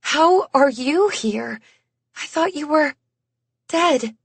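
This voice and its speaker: A woman's voice: high-pitched, animated, slow pace, creaky, dry recording, voice pushed up, exaggerated voice. Woman voicing an English ink creature man. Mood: shaken. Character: solid ink creature man in trench coat, overwhelmed. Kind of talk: audiobook character voice.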